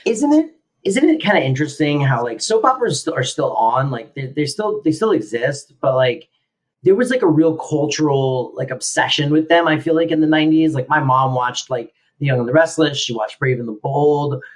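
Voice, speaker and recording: A man's voice: on the high side, animated, moderate pace. A man co-hosting a podcast, chatting casually and thinking aloud in a loose, rambling way. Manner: rambling, many fillers, reflective. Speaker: podcast co-host. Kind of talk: casual conversation.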